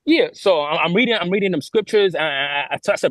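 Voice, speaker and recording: A man tells his story fast, his fairly high voice leaping up and down as he acts out other people's lines. He often restarts and repeats words. The sound is close and dry, with no room in it. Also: animated, dry recording. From New York. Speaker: guest telling his story. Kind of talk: animated storytelling on a podcast.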